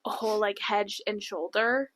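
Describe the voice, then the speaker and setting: A woman's voice: medium pitch, normal speed, a bit bright, dry recording, rough recording. A young woman co-hosting a podcast, chatting casually and laughing easily, saying "like" often. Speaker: podcast co-host. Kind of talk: casual chat.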